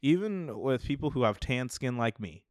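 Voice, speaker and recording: Smooth-voiced, chatty man hosting a movie podcast. Rambling and quick to laugh, in a dry, close recording. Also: mid-range voice, lively intonation, a little mellow, dry recording. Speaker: podcast host. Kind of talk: casual movie-news chat.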